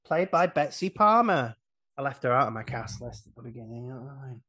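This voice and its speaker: A man on a casual podcast, retelling a film's plot with lively energy, acting out the characters' lines and laughing often. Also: mid-range voice, quick pace. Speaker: podcast guest retelling a film.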